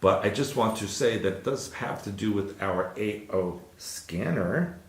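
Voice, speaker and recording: A man's voice: fairly low pitch, measured pace, echoey room. A man hosting a casual news chat show, reading weather stories with jokey asides. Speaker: show host.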